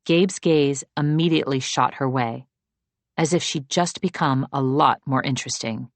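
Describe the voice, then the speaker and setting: A woman narrating an audiobook in a steady, measured storytelling manner. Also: a bass voice, no echo. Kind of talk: scripted narration.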